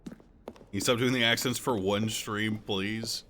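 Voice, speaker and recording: A man's voice: lowish voice, steady tone, slow, bright, forceful tone, slight background noise. A man live-streaming a game, chatting casually with sarcastic, joking banter.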